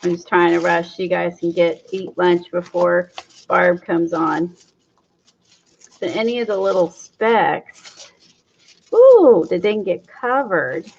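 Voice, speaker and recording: A woman hosting a craft livestream, chatting excitedly to her viewers as she works. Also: lowish voice, slow, gravelly, slight background noise. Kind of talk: casual livestream demo chat. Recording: dull lo-fi livestream audio.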